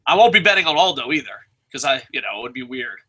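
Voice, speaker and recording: A man's voice: medium pitch, big pitch swings, fast, bright, forceful tone. A middle-aged man co-hosting a casual chat, ranting profanely and mocking people as he talks. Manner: profane, rants with mocking voices. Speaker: podcast co-host.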